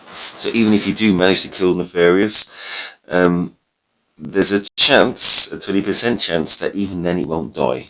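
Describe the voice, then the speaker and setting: Low-voiced guy rambling through game decks, voice going a bit hoarse. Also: unhurried, fairly bright tone. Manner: rambling, self-correcting, thinking aloud. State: losing his voice. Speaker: mobile game video creator. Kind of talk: casual gameplay commentary.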